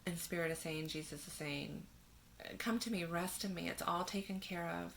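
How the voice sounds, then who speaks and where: A woman leads a spiritual tarot reading in a gentle way. Her voice sits a bit low but sounds bright and forward, with a gravelly fry. A faint ambient hum runs under her. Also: fairly even intonation, normal speed. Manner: gentle, reads card verses aloud, frequent soft laughs. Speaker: tarot reader.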